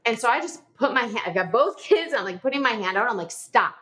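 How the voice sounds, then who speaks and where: A woman's voice: fairly high pitch, lively intonation, fast talker, fairly bright tone. A woman in her forties telling a personal story as a podcast guest, chatty, with lots of "like" fillers and short nervous laughs.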